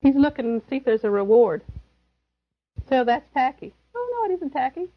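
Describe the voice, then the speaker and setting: A woman preaching a sermon in a high voice, driving her points home with emphasis and the odd chuckle. She repeats her key words to make them stick. The recording is dull and lo-fi. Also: very animated, normal speed.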